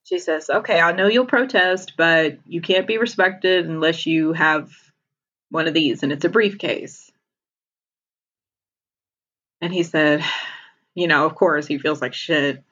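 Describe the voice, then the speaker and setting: A woman's voice: low-pitched, fairly even intonation, unhurried, a bit bright. Woman recapping a show all chatty, laughs a lot, kinda muffled lo-fi audio. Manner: chatty retelling, laughs often. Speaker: podcast co-host. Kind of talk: casual TV episode recap.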